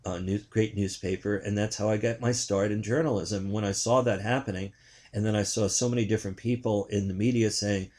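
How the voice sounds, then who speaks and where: A man's voice: fairly low pitch, steady tone, a little fast, a little mellow. An older man, a journalist, giving indignant political commentary in a rambling way, with frequent restarts.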